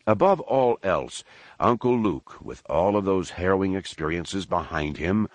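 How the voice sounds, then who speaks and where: A man reading a novel aloud in measured, expressive storytelling narration. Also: deep voice, no room sound. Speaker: audiobook narrator. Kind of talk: scripted narration.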